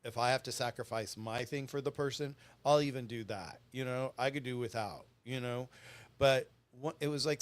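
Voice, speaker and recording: A man's voice: medium pitch, clean tone. A middle-aged man chatting as a guest, telling stories in an earnest, rambling way. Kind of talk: casual storytelling chat.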